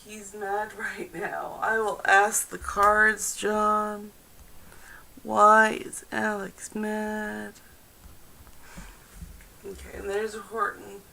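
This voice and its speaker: A woman's voice: mid-range voice, level tone, drawn-out words, gravelly, pauses often, bright, forceful tone, poor audio. A woman hosting a live-streamed tarot reading, chatting directly to viewers and to her cards. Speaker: tarot reader and stream host.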